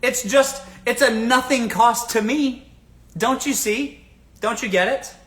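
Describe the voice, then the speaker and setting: A man's voice: very high voice, takes it slowly, fairly bright tone. A man from the American South hosting a casual livestream, giving blunt dating advice, swearing freely and asking the audience rhetorical questions.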